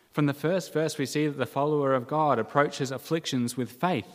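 A man preaching a sermon in an earnest, measured way, with dramatic quoted cries now and then. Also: mid-range voice, big-room sound. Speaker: pastor.

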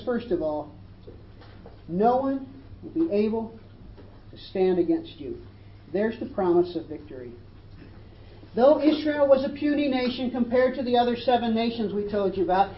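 Emphatic woman preaching a sermon. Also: mid-range voice. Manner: emphatic preaching, rising for scripture quotes. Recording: roomy, dull, faint hiss.

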